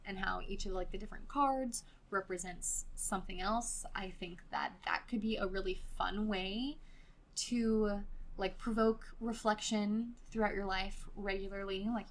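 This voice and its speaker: A woman's voice: medium pitch, gravelly, slight background noise. A woman with a Californian Valley girl accent hosting a casual solo podcast, chatty and loose, filling her talk with "like" and casual swearing. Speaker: podcast host.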